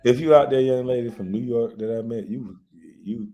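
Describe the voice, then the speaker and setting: A man's voice: medium pitch, normal speed, soft background music. A man telling wild stories in a casual chat, laughing often and swearing freely. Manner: loud, laughing, swearing storyteller. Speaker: show host.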